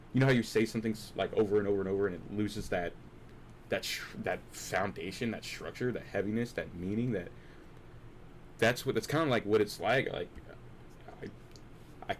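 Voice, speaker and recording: A young man with a low voice muses out loud in a loose, searching chat. He repeats himself and restarts his sentences, dropping to a hush and then rising loud and excited. A faint hiss of noise sits under the recording. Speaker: streamer. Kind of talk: rambling late-night chat.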